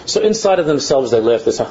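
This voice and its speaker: A man giving a religious lecture, reading lines of a text and translating them, animated and often mimicking mocking children with repeated phrases. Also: medium pitch, dull audio, slight background noise. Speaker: Torah teacher.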